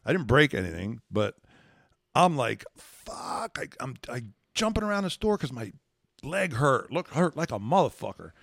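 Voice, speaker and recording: A man, a podcast guest, telling a wild personal story in an animated, profane way. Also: medium pitch, moderate pace, gravelly, no echo, studio quality. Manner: profane, excitable, acts out dialogue. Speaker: guest, former combat controller.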